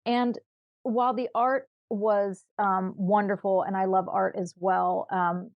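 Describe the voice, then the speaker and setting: A woman guest in a casual interview, speaking in a measured, thoughtful way with pauses. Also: medium pitch, steady tone, no echo, dull audio. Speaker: guest, retreat attendee.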